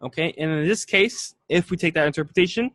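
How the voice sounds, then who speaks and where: A man's voice: fairly high pitch, a little fast, a bit bright, dry recording. A male teacher giving a classroom lecture, patient and explanatory, repeating key points and checking that students follow. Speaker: Arabic teacher.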